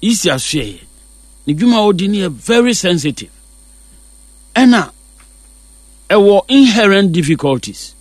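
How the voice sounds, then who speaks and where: Ghanaian male analyst, higher pitch, dry close sound, measured and switching between Twi and English. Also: big pitch swings, no echo. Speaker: political analyst. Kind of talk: talk show discussion.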